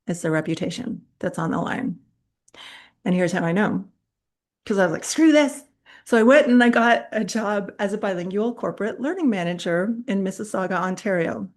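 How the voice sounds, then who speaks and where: Animated middle-aged woman coaching speakers. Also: mid-range voice. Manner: animated, laughs often mid-sentence; chatty, direct, addresses viewers. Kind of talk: online master class, storytelling.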